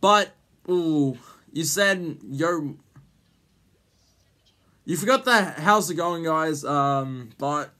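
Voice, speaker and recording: Rambling guy, slightly high voice. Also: lively intonation, very slow, pauses often, pushed and bright. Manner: rambling, full of ums, jokey teasing. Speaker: YouTube host. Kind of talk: casual vlog commentary.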